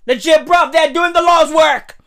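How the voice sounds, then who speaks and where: A woman's voice: high voice, normal speed, fairly bright tone, no echo, clean studio sound. A woman in her thirties hosting a podcast, gushing in a profane, slang-heavy comic monologue. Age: 30s. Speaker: podcast host.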